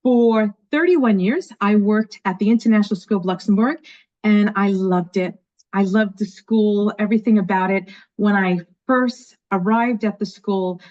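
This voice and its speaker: A woman in her fifties from New York, with a New York accent, talking as an enthusiastic, energetic guest in an interview. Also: mid-range voice. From New York, USA. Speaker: guest, education leader. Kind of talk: casual interview chat. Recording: dull lo-fi audio.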